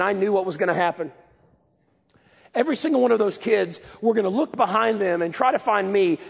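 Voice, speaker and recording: A man preaching a sermon, telling a story in a lively, self-mocking way. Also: sits high, creaky, husky. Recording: lo-fi, echoey hall.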